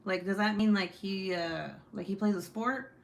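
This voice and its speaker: A woman's voice: medium pitch, fairly even intonation, moderate pace, roomy sound, slight background noise. A woman in her forties hosting a casual livestream, chatting with viewers and reading their comments, swearing freely. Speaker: livestream host.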